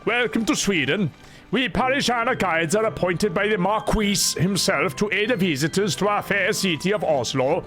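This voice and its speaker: A man's voice: high-pitched, animated, slow, hardly any pauses, fairly bright tone, soft background music, voice pushed up, exaggerated voice. A man putting on a pompous city guide with a mock Nordic lilt. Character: fussy male city guide with mangled Scandinavian accent.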